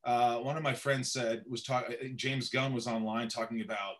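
A man's voice: mid-range voice, fairly quick, few pauses. A middle-aged man, an actor guest, telling stories in a casual interview and acting out the voices of the people he quotes. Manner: animated, acts out quoted voices.

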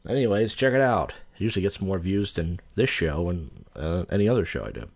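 A man with a very low voice hosts a live stream and comments on clips. His delivery is sarcastic and offhand, with dry jokes tossed in casually. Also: lively intonation, brisk, creaky, darkish tone. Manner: sarcastic, offhand, mock-impersonating.

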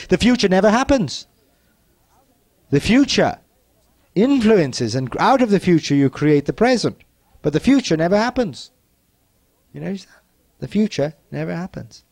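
A somewhat high-voiced man leads a motivational teaching talk, repeating his phrases slowly and with gentle insistence. He often sinks to a soft, hushed delivery, and the sound is close and dry with no room around it. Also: very animated, no room sound. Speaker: self-help teacher.

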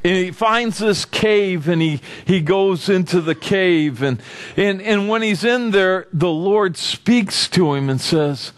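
Preaching slowly in a high voice, with no room sound in the recording, the pastor brings the story to life by performing its characters' voices. He also poses questions directly to his listeners.

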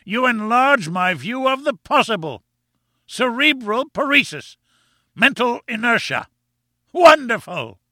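A man doing a booming old professor who lectures with open contempt, his voice pushed well above the reader's own and bright and forceful at the edges. He sounds triumphant and sure of himself, close and dry against the mic. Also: very animated, measured pace, no echo, exaggerated voice. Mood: scornful. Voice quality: booming and scornful. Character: pompous, contemptuous older male professor.

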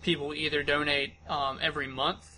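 Earnest, bright-voiced male writer explaining. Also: fairly high pitch, flat delivery, slight background noise, rough recording. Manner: earnest, explanatory, halting restarts. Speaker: podcast co-host, writer. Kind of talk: casual chat.

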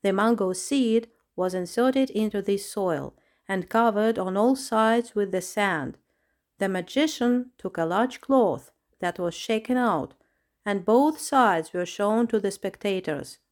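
A woman's voice: mid-range voice, a little mellow. Woman reading a storybook aloud. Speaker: narrator. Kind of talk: storybook narration.

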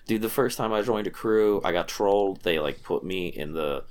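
A man's voice: sits low, normal speed. A man in casual chat, enthusiastic and slangy, explaining a game to friends. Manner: enthusiastic, slangy, calls others dude and bro. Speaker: gamer in group chat.

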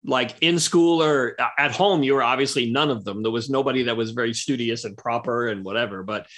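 A man's voice: medium pitch, brisk, fairly bright tone. A man interviewing a guest, asking curious prompting questions and laughing easily. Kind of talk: conversational interview.

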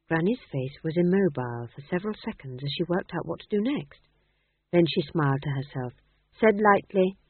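A woman tells the story in a wry, measured way, and her voice rises and falls a great deal. The sound is thin and phone-like, dry and close, with a slight huskiness. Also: low-pitched, animated, slightly rough, dry recording. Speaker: audiobook narrator. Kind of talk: scripted narration.

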